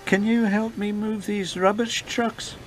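A man's voice: high-pitched, flat delivery, unhurried, slight background noise, pitched above the performer's own voice. A man voicing a proud, fussy young female engine who gets easily embarrassed, in a storybook reading. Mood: fretful.

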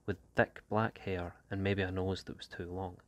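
A man, an English teacher, reading a short story aloud in a steady, unhurried way. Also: sits low.

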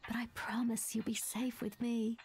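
A woman's voice: a little high, level tone, normal speed, close to an everyday voice. Actress playing a frail old cat lady. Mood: gentle. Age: older. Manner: soft-spoken, reassuring. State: ill, coughing. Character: frail elderly woman, gentle cat lover. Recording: game audio with music behind.

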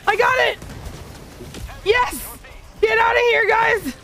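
A woman's voice: very high voice, takes it slowly, fairly bright tone. A woman streaming a co-op game, chatting casually and teasing her teammates with lots of giggles. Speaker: VTuber streamer. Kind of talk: casual gaming stream chat.

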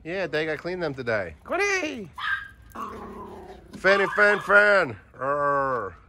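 A man's voice: fairly high pitch, very animated, normal speed, gravelly. A man at a dog sanctuary, talking in sing-song baby talk to his dogs as he walks among them, recorded outdoors on a phone. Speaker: animal sanctuary keeper. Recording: loud background noise from barking dogs. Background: dogs barking.

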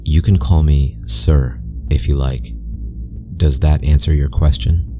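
A man voicing a mysterious male interviewer speaking through a speaker, calm, polite and cold, with an accent that is neither British nor American. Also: very deep voice, a little slow, over music. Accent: unplaceable accent, neither British nor American.

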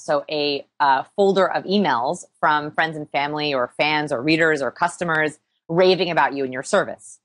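A woman interviewed as an expert, explaining energetically with quick examples. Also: low voice, a bit bright, no room sound. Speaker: interview guest, body language expert. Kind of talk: podcast interview.

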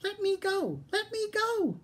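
A cheeky little piglet. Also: male voice, wildly swooping pitch, slow pace, heavily acted. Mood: alarmed. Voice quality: high squealing voice. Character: chatty small male piglet, cheeky and clever.

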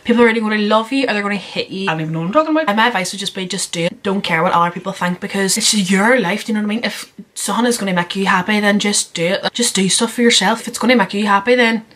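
A young adult woman YouTuber answers viewer questions in a casual vlog, speaking very fast at medium pitch with hardly any pauses and a slightly bright tone. She's chatty and candid, laughs at herself, and rambles with lots of "like"s.

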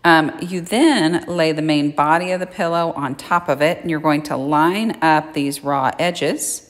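A woman's voice: low-pitched, a little slow, long reverb tail. A woman giving a chatty, plain-spoken sewing tutorial in a home kitchen, explaining each step. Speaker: sewing instructor. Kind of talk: casual how-to tutorial.

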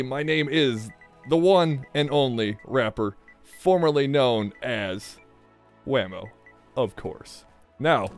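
A man's voice: a little high, no echo. A man hosting a let's play, giving casual, jokey gameplay commentary and swearing freely.

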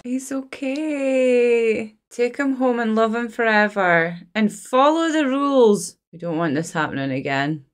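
A woman in her thirties, hosting a movie reaction in a gushing, exclamatory way and thinking out loud. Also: on the high side, expressive, unhurried. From Scotland.

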